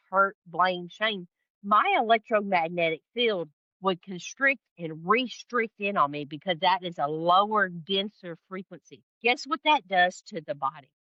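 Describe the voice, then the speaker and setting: A woman guest telling a personal story in an interview, expressive and emphatic, acting out the voices she quotes. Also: medium pitch, no room sound, dull audio. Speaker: podcast guest, spiritual guide. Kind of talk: animated storytelling in conversation.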